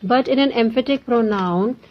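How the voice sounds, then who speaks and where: A young Indian woman teaching an English grammar lesson, explaining slowly and repeating the key points, with some Hindi mixed in. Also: fairly high pitch, lo-fi sound. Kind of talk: classroom lesson.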